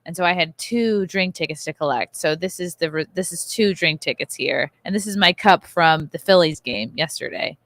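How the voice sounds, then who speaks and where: A woman in her thirties hosts a casual podcast chat and rants through her story with plenty of swearing. Her voice is bright and sharp, and the sound is close and dry with no room echo. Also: lowish voice, normal speed, hardly any pauses. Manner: profane, ranting storyteller. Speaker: podcast host. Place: hotel bar.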